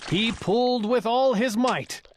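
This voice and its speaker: A woman reading a children's picture book aloud in a lively, expressive storytelling manner. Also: on the high side, measured pace, a little hiss or hum. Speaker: storybook reader.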